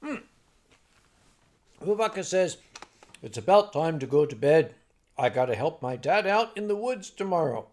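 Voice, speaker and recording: A man's voice: fairly high pitch, very animated, measured pace, long pauses, a little mellow. An older man hosting a casual livestream, reading out viewer comments with rambling, wry remarks and many fillers and restarts. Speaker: livestream host.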